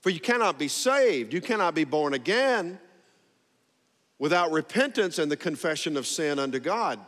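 A man's voice: on the high side, very animated, normal speed, fairly bright tone. A man preaching a sermon to a congregation, drawing out emphatic phrases and calling for responses. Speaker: pastor. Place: church sanctuary. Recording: long hall reverb.

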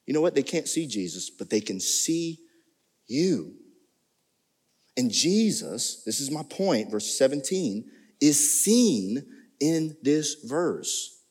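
A man preaching a sermon as pastor, animated, with sudden jumps in pitch. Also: slow pace, slightly rough. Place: church sanctuary. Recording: long reverb of a church hall.

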